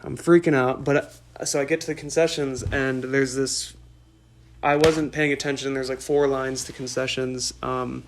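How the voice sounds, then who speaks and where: A man in his twenties hosting a podcast, telling a rambling story in an excitable way and laughing often. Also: mid-range voice, moderate pace, slight background noise. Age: 20s. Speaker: podcast host. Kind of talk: casual storytelling monologue.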